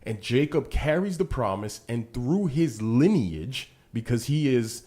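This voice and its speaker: A man co-hosting a podcast, casually teaching through a Bible passage and often checking in with "right?", growing animated as he retells the scenes. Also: medium pitch, a little slow. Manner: gets animated when retelling scripture. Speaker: podcast co-host.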